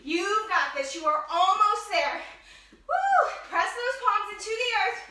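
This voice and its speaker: A woman's voice: very high-pitched, expressive, moderate pace, pushed and bright, far from the mic. A female fitness instructor cueing a workout class, upbeat and encouraging as she counts down, sometimes out of breath. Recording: echoey studio from off-mic.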